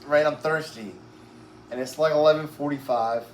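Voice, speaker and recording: A man with a fairly high voice speaks at normal speed as an interview guest, casually rambling through a long, profanity-laced story full of "like" and "right?" Short of breath, he uses oxygen. The recording has an echoey room and faint noise behind him.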